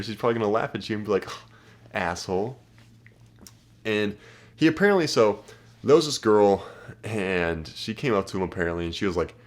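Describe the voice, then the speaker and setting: A young man giving brash, profane dating advice, acting out pickup lines in a casual monologue. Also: low-pitched. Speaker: dating coach.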